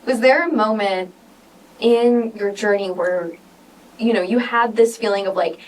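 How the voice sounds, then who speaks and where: A woman's voice: medium pitch, a little slow, far from the mic, poor audio. A young woman co-hosting a podcast, supportive and encouraging in casual chat. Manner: supportive, reacting with short murmurs and gasps. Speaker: podcast co-host.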